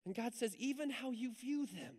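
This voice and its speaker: Man, pastor, high voice, animated storytelling sermon, church, hall reverb. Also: normal speed. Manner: animated storytelling, conversational with asides.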